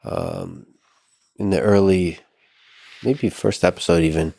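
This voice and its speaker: A male podcast host asking questions in a halting, searching way. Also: low-pitched, huge pitch swings, vocal fry, warm tone, breathy edge, no room sound, clean studio sound. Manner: halting, searching phrasing with repeats. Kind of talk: interview questions.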